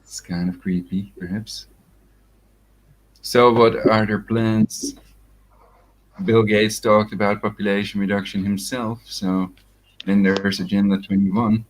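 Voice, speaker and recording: A man's voice: lowish voice, flat delivery, slow, long pauses, low-quality recording. A man in a casual group voice chat who reads messages aloud and muses on them. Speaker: chat participant.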